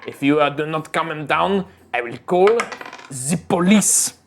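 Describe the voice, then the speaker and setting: A man voicing a thin-moustached male restaurant manager who speaks in a formal, halting, officious way. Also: fairly high pitch, vocal fry, over music. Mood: stern.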